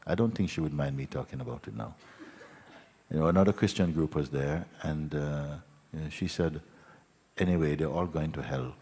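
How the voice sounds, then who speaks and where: A man with a very low, husky voice leads a satsang, telling his story gently and meanderingly, full of restarts and little tag questions. His voice rings out in a big hall with a long reverb. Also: brisk. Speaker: spiritual teacher. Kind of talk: satsang talk.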